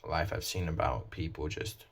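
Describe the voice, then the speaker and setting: A man casually explaining his own song lyrics in a flat, low-emotion way, with many fillers. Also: normal speed, husky.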